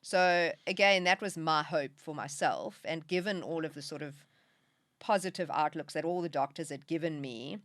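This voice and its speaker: Low-voiced woman, candid. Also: normal speed, fairly bright tone, no room sound, clean studio sound. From South Africa. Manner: candid, emotional at times, laughs through tears. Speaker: podcast guest. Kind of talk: conversational interview.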